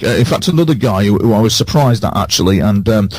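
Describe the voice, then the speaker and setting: A man on a radio show who recounts his experiences earnestly, halting and repeating phrases for emphasis. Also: lowish voice, lively intonation, a little mellow, husky, no echo. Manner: halting, with many false starts.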